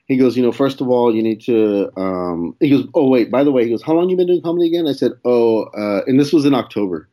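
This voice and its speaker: The audio is dull, carrying a young man's mid-range voice that moves fairly quickly with hardly any pauses. He's a comedian guest telling a story in laid-back chat, swearing and acting out quoted dialogue with laughs.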